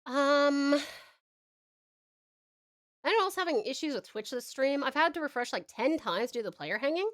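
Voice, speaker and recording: A woman's voice: high-pitched, animated, normal speed, long pauses. A young Australian woman with an Australian accent, chatting casually on a live stream, reading chat aloud and laughing often.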